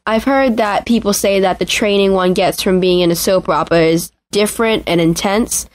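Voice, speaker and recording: A woman hosting a podcast interview asks her questions in a steady, mid-pitched voice. She keeps the talk moving with short, encouraging affirmations. The recording is dry, with little room sound. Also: normal speed, no echo.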